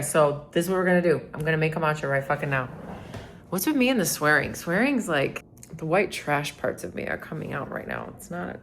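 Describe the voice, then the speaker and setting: A woman with a low-sitting voice chats casually in a day-in-my-life vlog from her home kitchen, moving around as she rambles and swears often. She's a vlogger and identity coach, and the background is noisy.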